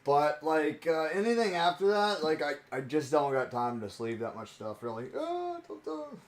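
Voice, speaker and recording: Man, young, fairly high voice, casual streamer chat, rambling, playful, laughs a lot. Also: normal speed. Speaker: card-opening streamer. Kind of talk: casual chat while opening cards.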